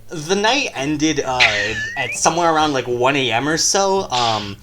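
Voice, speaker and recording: A man's voice: on the high side, lively intonation, measured pace, noisy background. A man co-hosting a tabletop game podcast, telling stories in loose casual chat, laughing often and swearing freely. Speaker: podcast co-host and game master.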